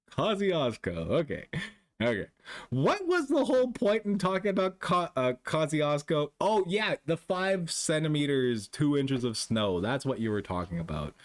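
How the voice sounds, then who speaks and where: A young Canadian man streams casually, chatting with his live chat in a rambling way, swearing freely and laughing often. His voice is a little high.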